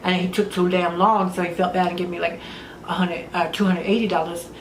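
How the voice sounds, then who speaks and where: A woman telling frank stories in casual chat as a podcast host, crude, profane and animated. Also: lowish voice, brisk. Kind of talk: candid casual storytelling. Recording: roomy room with faint noise.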